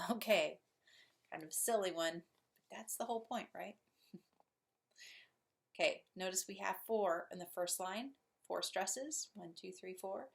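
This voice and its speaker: Slow-talking woman teacher. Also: fairly low pitch, creaky. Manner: slow, patient explaining with chuckles. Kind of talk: classroom poetry lesson.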